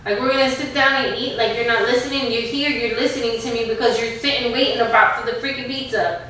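A woman's voice: a little high, fairly even intonation, fast, bright, forceful tone. A woman hosting a home prank channel, talking casually and leaning on fillers like "like" and "guys", recorded at home. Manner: chatty, fills with "like" and "guys". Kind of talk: casual vlog talk and staged argument. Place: at home indoors. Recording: echoey room, mic at a distance, faint noise.

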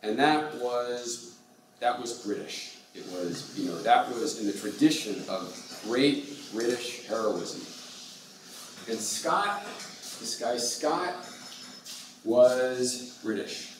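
A man giving a university lecture, speaking slowly and often mixing in halting Russian with many fillers. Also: mid-range voice, lively intonation, background noise. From United States. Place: lecture hall. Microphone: far from the mic. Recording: distant echoey lecture hall.

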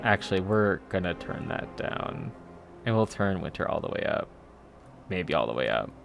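A man hosting a livestream alone, chatting casually, animated and swearing. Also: low voice, moderate pace, gravelly, over music. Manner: animated, swears, laughs often. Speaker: streamer host.

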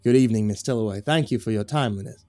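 A man playing a pious, flattering southern gentleman with a thick put-on drawl, sounding earnest. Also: fairly low pitch, very fast, no echo, faint music behind, natural voice. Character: smooth-talking fake southern preacher-type gentleman.

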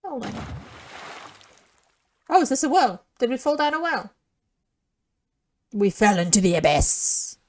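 A woman commentating her playthrough of a horror game, excitable and sarcastic, often laughing. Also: on the high side, unhurried, pauses often. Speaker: let's play gamer.

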